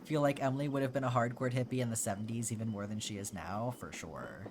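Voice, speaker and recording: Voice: medium pitch, fast, noisy background. A streamer from Georgia chatting casually and answering live chat, talking through thoughts with many fillers and restarts. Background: background music.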